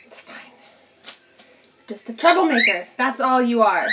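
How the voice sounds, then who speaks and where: Woman streaming from home, higher voice, slow easy talk, noisy background, keeps chatting to her bird. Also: very animated. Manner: chatty, talks to her pet bird, laughs often. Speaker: cosplay streamer. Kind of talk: casual live stream chat.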